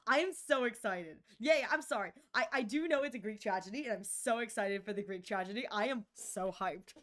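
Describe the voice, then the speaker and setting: A woman's voice: mid-range voice, fairly quick, a bit bright. A young woman streamer chatting casually with viewers, rambling and giggly, often mocking herself.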